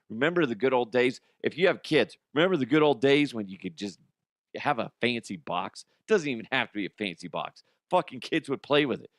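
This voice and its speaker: A middle-aged man rambles through a comedy podcast, cursing freely and chuckling at himself. His voice sits at an ordinary pitch and sounds dry and close, with no room echo. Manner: rambling, profane, laughs often. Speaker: podcast host. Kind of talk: casual comedic monologue.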